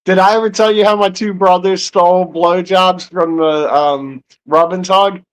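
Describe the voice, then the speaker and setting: A man telling a casual anecdote in an animated way. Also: high-pitched, normal speed. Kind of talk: casual storytelling.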